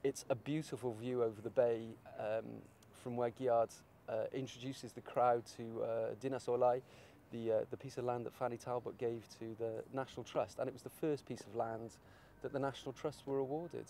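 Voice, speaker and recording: Guy rambling on about his art project, mid pitch, bit of hiss behind. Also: steady tone, fairly quick, gravelly, hardly any pauses, warm tone. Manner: rambling, musing, searches for words. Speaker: artist being interviewed. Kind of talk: casual interview talk.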